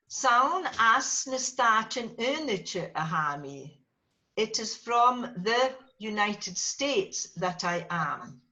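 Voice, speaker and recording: Her voice is medium in pitch, bright and forceful as she teaches Gaelic to a small group. Patiently, she repeats each word and waits for the class to echo it.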